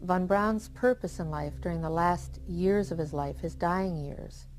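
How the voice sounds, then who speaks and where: A woman in an interview, recounting events deliberately. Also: lowish voice, darkish tone, slight background noise, rough recording.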